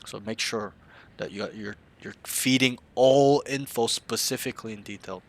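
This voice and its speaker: A man's voice: mid-range voice, normal speed. A man coaching a player in a casual game review, blunt and slangy, often swearing.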